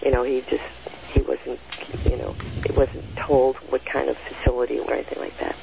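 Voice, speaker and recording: Gravelly older woman telling a rambling story. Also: a bass voice, completely flat delivery, moderate pace. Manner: rambling, with many fillers and self-corrections. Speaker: storyteller recounting a personal experience. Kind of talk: casual spoken storytelling. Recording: dull lo-fi sound with faint noise.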